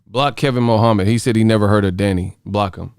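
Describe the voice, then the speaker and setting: A man's voice: lowish voice, fairly quick, darkish tone, smooth, dry recording, clean studio sound. A man hosting a casual boxing livestream, ranting profanely and firing off rhetorical questions. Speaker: boxing YouTuber host.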